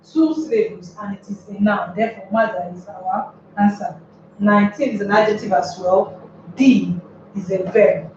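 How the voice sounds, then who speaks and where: A woman teaching an English lesson on word stress, explaining step by step and repeating words slowly. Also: mid-range voice, a little mellow, slight background noise. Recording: very echoey room, far from mic, dull.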